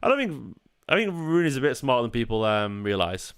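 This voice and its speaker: A man's voice: medium pitch, very animated, fairly quick, fairly bright tone, clean tone. Tired man chatting through a football watchalong. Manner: chatty, reacting to the match and reading chat messages. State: tired, yawning. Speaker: fan channel host. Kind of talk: live football watchalong chat.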